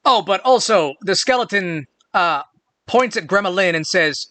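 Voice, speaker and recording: A man's voice: high voice, expressive, a little slow, pushed and bright, no room sound. A man narrating a tabletop game as game master in a loose, casual way.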